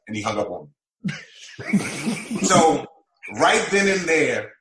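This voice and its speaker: A former college basketball player telling an animated story, acting out the quoted lines of the conversations he recalls. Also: a little high, takes it slowly, roomy sound, slight background noise, poor audio.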